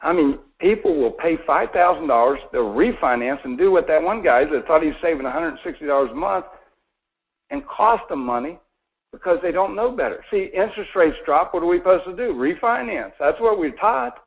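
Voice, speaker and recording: A man's voice: fairly high pitch, lively intonation, a little fast. A man in his forties giving a folksy, persuasive mortgage sales talk on a conference call, often asking his listeners questions. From Florida. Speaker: mortgage presenter. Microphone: phone or conference call line. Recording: tinny phone-line audio.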